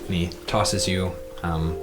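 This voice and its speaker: Male game master, low voice, halting and laughing, music under. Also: fairly even intonation. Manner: laughing, halting narration with many fillers. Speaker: dungeon master. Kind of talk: narrating a tabletop game.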